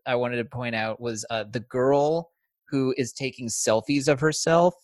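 A man's voice: mid-range voice, fairly even intonation, a little slow, no room sound, studio quality. A man co-hosting a casual podcast about a film, chatty and swearing freely, laughing easily. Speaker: podcast co-host.

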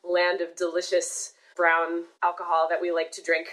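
A woman telling a long personal story in casual podcast chat, animated and swearing casually. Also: fairly low pitch, moderate pace, rough recording.

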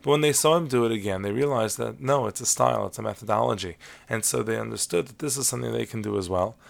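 A man teaches a Torah lesson in a steady, explanatory way, dropping Hebrew terms as he goes. His voice sits at a middle pitch with a strong, rough fry running through it. The delivery is measured, like a lecture. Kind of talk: lecture-style lesson on Talmud stories.

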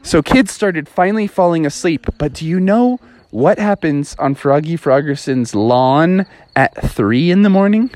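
A woman's voice: low-pitched, unhurried, no echo. A woman casually telling a playful bedtime story, talking straight to the children. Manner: playful, animated, talks straight to kids.

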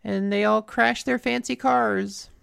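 A young woman co-hosting a podcast, recapping a cartoon in casual chat with animated storytelling. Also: fairly high pitch, measured pace, creaky, smooth, no room sound, clean studio sound. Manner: animated storytelling with quoted voices. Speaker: podcast co-host.

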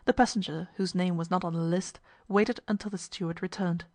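A woman narrating a story in an even, measured reading. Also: lowish voice, no echo.

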